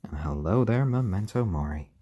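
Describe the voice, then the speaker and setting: A man with a lowish, husky voice hosts a relaxed live stream at home. He talks gently and fondly to his baby chickens between chatting with viewers, his voice warm and mellow and rising and falling a lot. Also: normal speed, highs cut off. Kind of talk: casual live-stream commentary.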